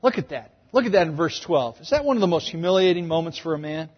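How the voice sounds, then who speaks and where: A man's voice: a little high, quick pace, husky. A man in his thirties preaching a sermon, telling stories and acting out voices with humor. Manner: animated storytelling, acting out quoted voices with humor. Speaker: pastor. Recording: dull, echoey hall sound.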